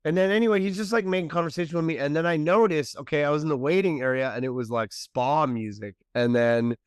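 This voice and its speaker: A male comedian and podcast co-host telling a story in casual chat, animated and laughing as he acts out the dialogue. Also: fairly high pitch, fast talker, smooth, dry recording, studio quality.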